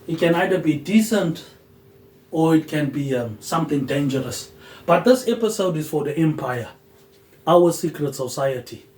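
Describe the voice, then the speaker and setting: A man hosting a solo podcast, rambling loosely with "um" pauses and dropping a low, quiet "mate" at the end of his phrases. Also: roomy sound, rough recording. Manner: drifting, loosely connected talk with "um" pauses. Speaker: podcast host.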